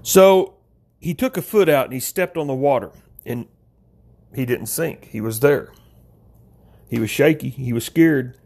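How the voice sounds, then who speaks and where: A man preaching an informal sermon, talking straight to his listeners as folks, with big swings in pitch. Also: unhurried, creaky, pauses often, a little mellow.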